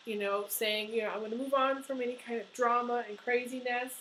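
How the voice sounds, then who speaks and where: A woman's voice: fairly high pitch, steady tone, brisk, fairly bright tone, a little hiss or hum, poor audio. Earnest emotional woman tarot reader. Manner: earnest and emotional, many fillers and restarts. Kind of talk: tarot horoscope reading to camera.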